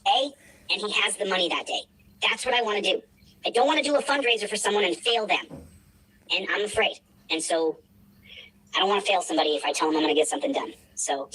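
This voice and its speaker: A man's voice: sits high, brisk, long pauses, bright, forceful tone, a little hiss or hum, poor audio. A man livestreaming who rambles emotionally, repeats himself and pleads. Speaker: livestreamer asking for a fundraiser.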